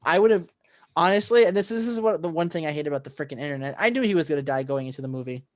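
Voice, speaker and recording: A man co-hosting a podcast, recapping a film in casual chat, excitable and rambling with lots of fillers and restarts. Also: fairly high pitch, racing. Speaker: podcast co-host.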